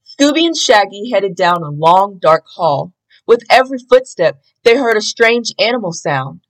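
A woman reading a children's storybook aloud in an expressive, sing-song way. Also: medium pitch, normal speed, poor audio. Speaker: storybook reader.

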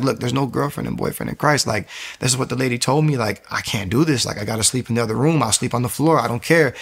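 A young man shares his conversion testimony in a lively, storytelling way, slipping into the voices of the people in his story. His voice carries a gravelly edge in a mid-range pitch. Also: quick pace. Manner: animated storytelling, acts out quoted voices. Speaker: guest giving a testimony.

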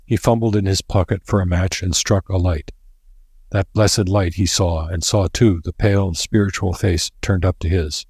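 A man narrating a novel in a measured, dramatic storytelling manner. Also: low-pitched, steady tone, darkish tone, slightly rough, no echo, studio quality. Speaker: audiobook narrator.

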